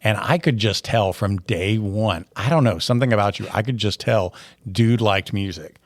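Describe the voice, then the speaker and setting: A man's voice: lowish voice, normal speed, no room sound, clean studio sound. A man from Tennessee with a general American accent, hosting a casual, joking interview chat as a teacher. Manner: chatty, jokey, teasing. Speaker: teacher and podcast host.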